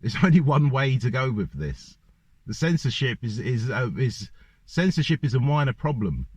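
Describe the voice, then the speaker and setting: A man's voice: mid-range voice, big pitch swings, normal speed, husky, dry recording. A man ranting in a monologue to camera, firing off one rhetorical question after another. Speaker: vlogger. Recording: dull lo-fi dry recording.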